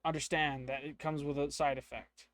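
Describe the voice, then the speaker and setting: A man's voice: a little high, flat delivery, moderate pace, fairly bright tone, lightly acted. A man doing a hunched old potion-selling woman. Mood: explaining.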